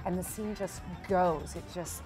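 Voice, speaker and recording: Chatty Canadian actress. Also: female voice, fairly low pitch, a little slow, over music. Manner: animated, chatty, laughs easily. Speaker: musical theatre actor. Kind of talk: casual Q&A chat.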